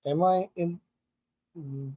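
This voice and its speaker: A man playing a tabletop role-play character, talking in a halting, hesitant way and often searching for words. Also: a little high, fairly even intonation, highs cut off.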